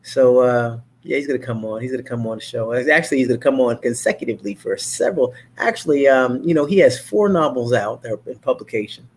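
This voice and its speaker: A man's voice: medium pitch, fast talker, few pauses, a little hiss or hum. Rambling man hosting a talk show. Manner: rambling, many fillers and restarts; mimics others' voices in animated quotes. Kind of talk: casual monologue.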